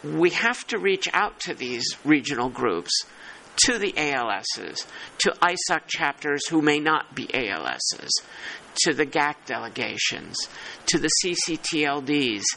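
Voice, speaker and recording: A man leads a working-group meeting in a slightly high, bright, tense voice. He thinks aloud as he goes and pokes fun at himself now and then. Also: sing-song, unhurried, gravelly, slight background noise, poor audio. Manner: thinking aloud, self-deprecating. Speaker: meeting chair.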